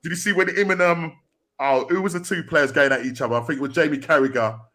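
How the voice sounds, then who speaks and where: A man's voice: a little high, a bit bright. Chatty man with a lighter voice. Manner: chatty, quick back-and-forth with fillers. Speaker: podcast co-host. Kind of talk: casual football chat.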